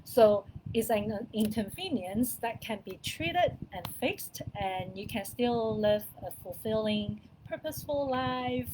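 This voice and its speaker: A middle-aged woman giving parents casual, chatty advice to camera, with small grammar slips, repeats and soft laughs. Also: a little high, animated, takes it slowly, few pauses, background noise. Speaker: wellness coach talking to parents.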